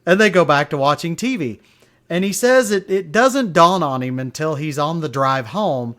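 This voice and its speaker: A man talks through a casual solo podcast, rambling from one thought to the next and chuckling as he goes. His voice sits a bit higher than most men's, and he leans on plenty of ums and uhs. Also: lively intonation, normal speed, a bit bright. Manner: rambling storyteller, chuckling, many fillers. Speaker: podcast host.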